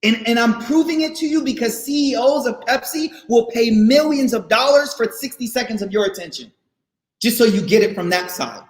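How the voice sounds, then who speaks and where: Male guest speaker, high-pitched, casual and animated with students, repeats lines for emphasis; echoey room sound. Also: moderate pace. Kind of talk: casual faith talk to students. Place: online session, room not known. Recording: roomy echo.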